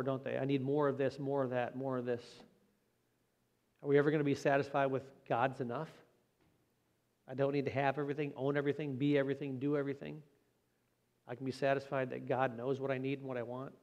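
A man's voice: medium pitch, darkish tone. Man preaching in a reverberant church. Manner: earnest, plain-spoken, slows for emphasis. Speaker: pastor. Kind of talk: sermon. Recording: long hall reverb.

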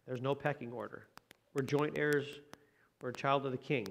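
A man delivering a sermon as pastor. His delivery is relaxed and conversational, with a mid-range voice. He keeps checking in with the congregation through tag questions. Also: medium pitch, normal speed, vocal fry.

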